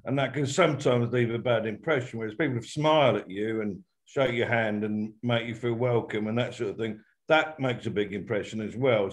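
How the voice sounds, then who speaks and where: A man hosting an interview, asking careful, measured questions in a conversational style. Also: on the low side. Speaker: interview host.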